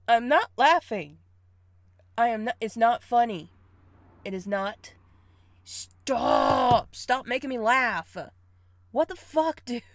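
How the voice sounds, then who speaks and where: A woman's voice: medium pitch, expressive, slow, long pauses, no echo. A young woman in an audio role-play, playing a bossy partner who teases, scolds and laughs often. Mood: scolding, laughing.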